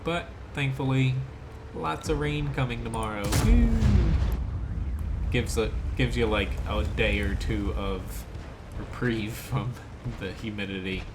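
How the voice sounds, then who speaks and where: Speaking a little slowly in a lowish, steady voice, this South Jersey man gives relaxed live gameplay commentary. He has an American accent and is chatty, replying to his stream's chat between plays while noise fills the background.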